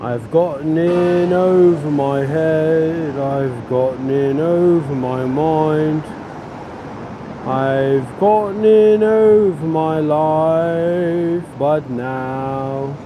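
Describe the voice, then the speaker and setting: A man puts on a drunk, belligerent bloke, who swears and makes slurred, rambling threats. He drags each phrase out slowly in a slightly raised voice. The street behind him is loud with traffic. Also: on the high side, animated, highs cut off. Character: drunk, foul-mouthed, belligerent Australian bloke. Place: street outdoors. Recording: outdoor street traffic noise.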